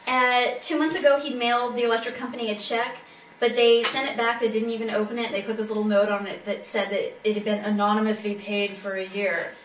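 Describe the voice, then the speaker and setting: Woman reading a novel and half paraphrasing it, kinda high voice, echoey room far from the mic. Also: little pitch movement, a little fast, slight background noise. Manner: informal, with many fillers and giggles. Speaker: co-host and reader. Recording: roomy, distant amateur recording.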